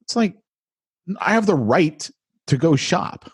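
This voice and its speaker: A man's voice: fairly high pitch, big pitch swings, slow pace, breathy edge, dry recording, clean studio sound. A man co-hosting a podcast, telling stories bluntly in casual chat with irritated asides. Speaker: podcast co-host.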